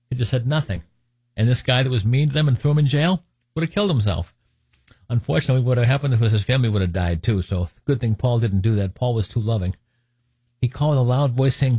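A man's voice: medium pitch, quick pace, a little mellow, dry recording. A man teaching from the Bible in a conversational way, reading scripture aloud and adding joking asides. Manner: joking asides, laughs at his own points; reads scripture aloud, then comments on it.

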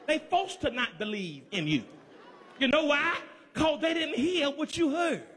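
A man from Georgia with a Southern accent preaching a sermon. He talks straight to the congregation in a rhythmic call-and-response style that builds to shouts. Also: very high-pitched, animated, measured pace, big-room sound, some chatter behind, a little hiss or hum.

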